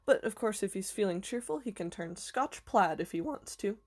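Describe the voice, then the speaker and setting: A woman reading aloud voices a kindly, eccentric old male professor who explains things gently and patiently. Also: medium pitch, animated, moderate pace, lightly acted. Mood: warm, explaining.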